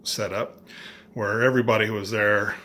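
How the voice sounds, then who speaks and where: A middle-aged man vlogging, telling a story in a casual, animated way with dry, self-mocking humor and acting out other people's lines. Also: lowish voice, moderate pace, a little hiss or hum.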